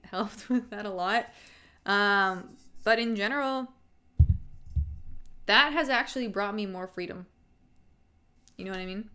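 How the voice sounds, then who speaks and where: A young adult woman talks casually on her live stream, candid and rambling, full of filler words and swearing. She laughs often and speaks into a desk microphone at a middling pitch. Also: bright, forceful tone. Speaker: streamer hosting a fight-picks live stream. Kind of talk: casual chat.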